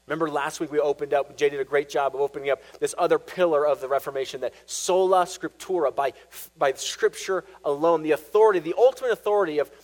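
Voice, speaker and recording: A man preaching a sermon, animated, acting out quoted voices as he teaches. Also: a little high, fast talker, poor audio.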